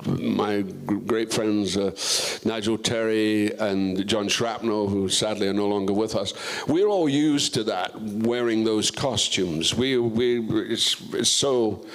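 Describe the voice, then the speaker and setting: A man's voice: lowish voice, takes it slowly, hardly any pauses. An older man, a guest actor on a festival stage, telling career stories in a rambling way, full of restarts and asides. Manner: rambling, full of restarts and "you know", acting out quoted voices. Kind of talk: relaxed career storytelling on stage.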